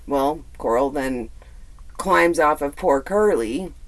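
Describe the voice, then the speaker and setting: A man's voice: a little high, animated, slow pace. Man telling a true crime tale casually. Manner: conversational, swears and adds blunt asides; filler-heavy, repeats words. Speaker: true crime podcast host.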